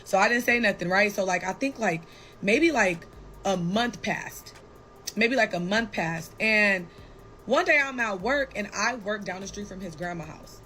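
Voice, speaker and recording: A young woman guest on a talk show tells a personal story in a casual way, blunt, animated and full of swearing. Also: medium pitch, a little slow, slight background noise, low-quality recording. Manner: blunt, profane and animated, with frequent "like" and "right?".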